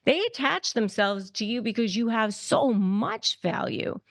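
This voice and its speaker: A woman's voice: on the high side, lively intonation, unhurried, gravelly, no room sound, studio quality. A woman attorney giving advice as a podcast guest, speaking emphatically, repeating key phrases and restarting often. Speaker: guest, attorney and negotiation expert.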